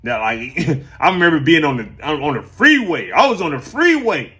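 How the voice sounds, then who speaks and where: A man's voice: a little high, big pitch swings, moderate pace, bright, forceful tone. A man hosting a casual sports talk stream, chatting loosely with viewers, rambling and repeating his phrases.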